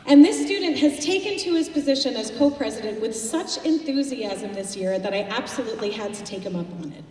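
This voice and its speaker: A woman who directs a high school choir, chatting to a concert audience between pieces with anecdotes about her students. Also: lively intonation, a little fast. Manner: chatty, warm-hearted, anecdotal. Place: school auditorium. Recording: distant, echoey hall with faint noise.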